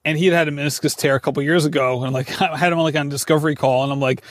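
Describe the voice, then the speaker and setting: A man's voice: fairly high pitch, fairly even intonation, rapid-fire, dry recording, studio quality. A man talking casually on a podcast, chatty and self-deprecating, full of fillers. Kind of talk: casual conversation.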